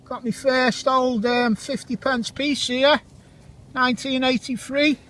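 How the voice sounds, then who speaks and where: A man in his forties, chatting casually and jokily while metal detecting outdoors, giving shout-outs to friends. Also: very high voice, steady tone, takes it slowly, rough recording. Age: 40s. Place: outdoor field.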